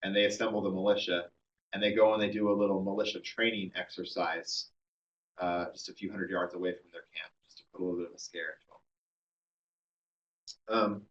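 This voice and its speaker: A man's voice: sits low, little pitch movement, fairly quick, long pauses, a bit bright, recorded from a distance, dull audio. A man giving a classroom history lecture, telling the story conversationally with many ums and uhs.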